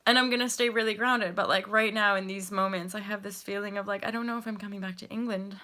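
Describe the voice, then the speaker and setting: Bright, candid woman in her thirties. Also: medium pitch, fairly even intonation, quick pace. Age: 30s. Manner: candid, swearing, laughing often, emotional. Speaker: yoga teacher and channel host. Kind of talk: casual livestream chat.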